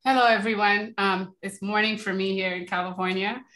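A woman born in Haiti, a professor speaking on an online panel, talking fast with many restarts and filler words over a video call. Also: medium pitch, fairly even intonation, a bit bright, poor audio.

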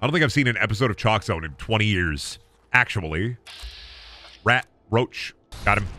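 A man's voice: fairly low pitch, expressive, moderate pace, pauses often, bright, forceful tone, soft background music. A man in his thirties streaming a game, rambling and joking with lots of swearing. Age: 30s. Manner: rambling, profane, jokey. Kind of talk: casual gaming commentary.

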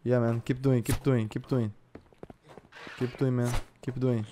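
Excitable Brazilian gaming YouTuber. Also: male voice, mid-range voice, unhurried, slight background noise. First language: Brazilian Portuguese. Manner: excitable, loud outbursts and cursing. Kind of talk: live gameplay commentary and voice chat.

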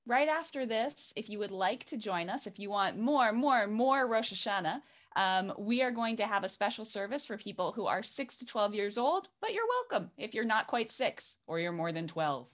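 A woman's voice: medium pitch, animated, moderate pace. Female service leader with a mid-range voice, cheerful and encouraging with young families. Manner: upbeat and encouraging.

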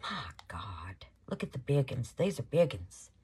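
A woman's voice: low-pitched, big pitch swings, normal speed, warm tone, slightly rough. A woman hosting a casual crafting vlog, gushing over her work and calling viewers baby and y'all. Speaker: resin crafting channel host.

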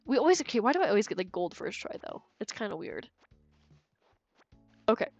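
A woman's voice: mid-range voice, big pitch swings, a little fast, darkish tone, no echo, muffled recording. Giggly young woman streamer, dry mic. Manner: chatty, giggly, talks to chat. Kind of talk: casual gameplay commentary. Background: faint game music.

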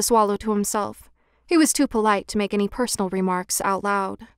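A woman narrating a fairy tale audiobook in a gentle, expressive read-aloud manner. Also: medium pitch, fairly quick, clean tone, dry recording, studio quality. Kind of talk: storybook narration.

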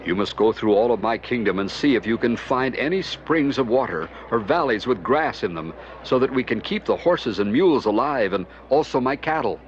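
A man's voice: medium pitch, expressive, moderate pace, few pauses, a little hiss or hum, close to an everyday voice. A man voicing a firm, commanding king in a storybook reading. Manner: ordering, firm. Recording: dull lo-fi with music behind.

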